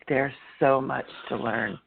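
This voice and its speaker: A man co-hosting a casual radio talk show as a medium, bubbly and excitable, full of likes and you-knows. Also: mid-range voice, slow pace, gravelly, slightly rough. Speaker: co-host and medium. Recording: tinny phone line.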